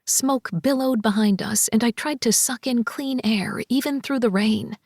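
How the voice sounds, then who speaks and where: Bright-voiced female audiobook narrator. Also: fairly high pitch, a little slow, dry recording, studio quality. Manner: expressive, voices characters. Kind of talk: first-person scripted narration.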